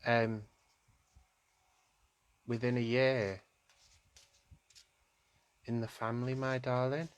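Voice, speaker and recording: A man, a psychic medium, gives a live-streamed tarot reading, speaking softly and affectionately to his viewers and calling them "my darling". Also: medium pitch, level tone, takes it slowly, long pauses, smooth, dull audio. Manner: gently emotional, soft-spoken.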